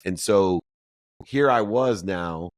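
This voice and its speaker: A very deep-voiced middle-aged man speaks as a podcast guest, recounting his story with lively, animated delivery. He acts out the people in his tale by raising his voice. The sound is close and dry, with no room echo. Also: slow. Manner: animated storyteller, acts out quoted dialogue in a higher voice. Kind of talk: storytelling interview answer.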